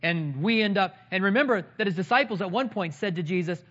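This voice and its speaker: High-voiced man preaching with playful humor. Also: fairly quick, lo-fi sound. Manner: animated storytelling with humor. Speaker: pastor. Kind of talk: sermon.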